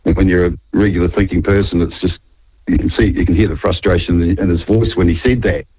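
A man's voice: sits low, fairly even intonation, fast talker, slightly rough, no echo. A man with a New Zealand accent calling in to talkback radio, rambling through his opinion with many hesitations. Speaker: caller. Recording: tinny phone line.

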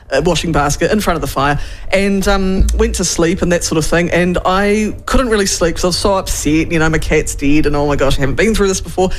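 This is a woman in her thirties, a guest on a casual radio chat. She laughs easily and tells her story openly. There is a faint hiss of noise behind her voice. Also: low voice. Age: 30s. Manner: giggly, open, anecdotal.

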